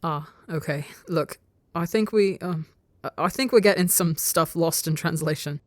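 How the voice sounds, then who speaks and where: Woman doing a nervous stuttery bug guy, low voice, dry close sound. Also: moderate pace, a little mellow, no room sound, lightly acted. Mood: flustered. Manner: stuttering, hesitant, flustered. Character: shy stammering young male insect-like creature.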